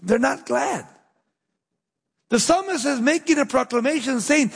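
A pastor with a high, husky voice preaches, pressing his points and dropping low and slow to add weight. The long echo of a large hall rings around his words.

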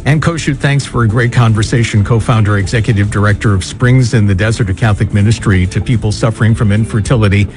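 A man hosting a radio talk show, speaking warmly and in a gently reassuring way. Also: fairly low pitch, fast talker, few pauses, music in the background.

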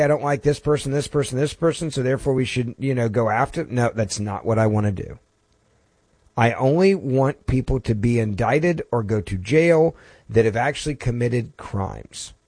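A man's voice: medium pitch, darkish tone, breathy edge, no echo. A man hosting a talk radio show, speaking emphatically with frequent restarts and repetitions. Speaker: fill-in radio talk host. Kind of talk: talk radio monologue and caller chat. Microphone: studio mic.

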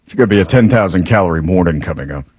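A man's voice: sits low, lively intonation, racing, a crowd in the background. A man co-hosting a radio morning show as traffic reporter, joining the banter in a casual way.

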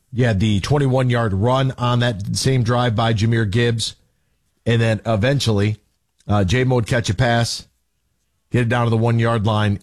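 A man hosting a sports radio talk show, chatty and jokey, who sometimes sings his station plugs. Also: mid-range voice.

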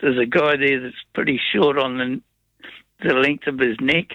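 A man's voice: medium pitch, steady tone, normal speed, no echo, lo-fi sound. A man with a New Zealand accent calling in to a talkback radio show, casually telling a rambling yarn with chuckles. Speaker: caller.

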